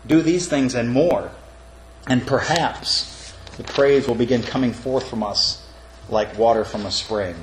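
A man's voice: mid-range voice, a little slow. Earnest preacher man in an echoey room. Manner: earnest, repeatedly addresses listeners as friends. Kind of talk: sermon. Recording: echoey room with faint background noise.

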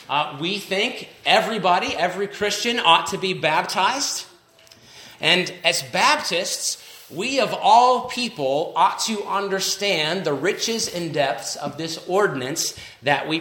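A man preaching a sermon as pastor, measured and emphatic, slowing down on key phrases. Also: sits high, expressive, sharp tone, echoey room, low-quality recording.

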